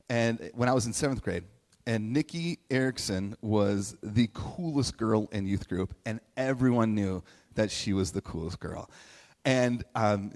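A man telling a personal story in a sermon, chatty and animated, acting out quotes in playful voices. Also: medium pitch. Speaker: speaker giving a message to a congregation. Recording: long hall reverb.

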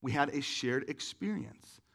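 A man's voice: medium pitch, expressive, measured pace, vocal fry, a bit bright, breathy edge. A man preaching a conversational sermon, talking casually with many fillers and asking the audience questions. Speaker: pastor.

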